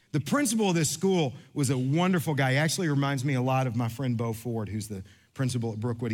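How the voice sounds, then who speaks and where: A man in his fifties preaching a sermon, telling a story with lively quoted voices and rising to earnest emphasis. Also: medium pitch. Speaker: pastor.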